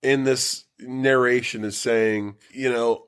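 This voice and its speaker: Guy on a movie podcast, swears a lot, laughs, gets all animated retelling scenes. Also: medium pitch, normal speed, few pauses, clean tone. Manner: animated, profane, laughs a lot, acts out characters. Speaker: podcast co-host. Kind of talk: casual movie-review chat.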